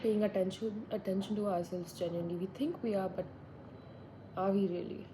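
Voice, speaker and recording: A woman's voice: medium pitch, fairly even intonation, fairly quick, background noise. A woman in her twenties, talking to herself in a reflective, rambling way as she sits indoors by a window. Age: 20s. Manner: musing, rambling, talks to herself. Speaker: vlogger. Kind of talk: reflective solo monologue.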